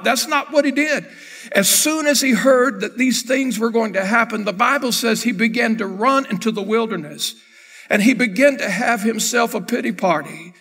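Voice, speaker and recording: A man preaching a sermon as pastor, swinging from quiet talk to shouted, half-sung lines. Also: very high voice, normal speed, creaky, breathy edge, in a large hall. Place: church sanctuary.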